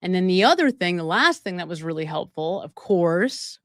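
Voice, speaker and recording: Animated woman host, laughing as she talks. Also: lowish voice, moderate pace, no echo, clean studio sound. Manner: animated and emphatic, laughing often mid-sentence; talks straight to viewers with many asides. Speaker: livestream host. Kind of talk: live-stream true crime commentary.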